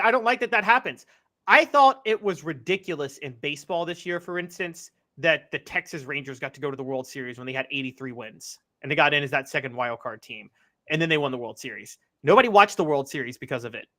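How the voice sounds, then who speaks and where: A man's voice: a little high, lively intonation, fast talker, sharp tone. A young man co-hosting a casual sports podcast, giving emphatic, opinionated takes. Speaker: podcast co-host.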